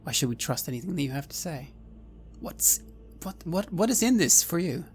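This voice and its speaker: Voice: mid-range voice, lively intonation. Tabletop player talking in character, stops and restarts a lot, faint music. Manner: halting, earnest. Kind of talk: playing a character in a tabletop game.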